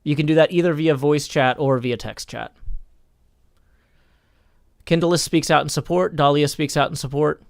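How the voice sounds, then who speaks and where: A man hosting a livestream, speaking in a measured, mock-formal way, like a judge holding court. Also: on the high side, fairly even intonation, creaky, no echo, clean studio sound. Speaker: streamer hosting a game server. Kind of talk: casual livestream chat.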